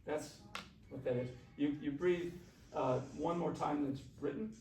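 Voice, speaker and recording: Heard from a distance in a reverberant classroom, a man teaching a shakuhachi workshop chats easily, coaxes his students, and asks them questions. His voice is a little high and slightly mellow, at a normal speed, with faint hiss on the recording.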